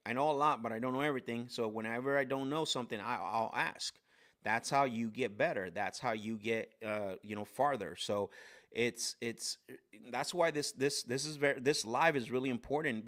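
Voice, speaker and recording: A man's voice: medium pitch, a bit bright. A man hosting a live sales coaching stream, telling stories with lots of energy, restarts and fillers.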